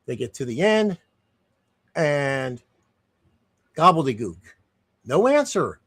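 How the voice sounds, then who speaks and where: Indignant man, slightly high voice. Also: big pitch swings, takes it slowly, fairly bright tone, breathy edge. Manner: indignant, rambling, with frequent restarts and digressions. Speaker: streamer giving commentary. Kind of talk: casual unscripted commentary.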